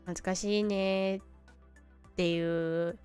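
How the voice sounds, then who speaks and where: A woman's voice: medium pitch, steady tone, a little slow, darkish tone, clear, resonant tone, faint music behind. A young woman streaming from home, chatting casually and telling rambling stories in a loose, laughing way. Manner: rambling storytelling with laughs and quoted voices.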